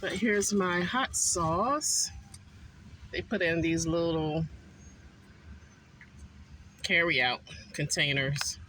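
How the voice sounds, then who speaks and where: A man eating a meal in a car and chatting casually to his viewers, unhurried and full of ums. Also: on the high side, pushed and bright, a little hiss or hum, rough recording. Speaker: food vlogger. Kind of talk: casual mukbang chat.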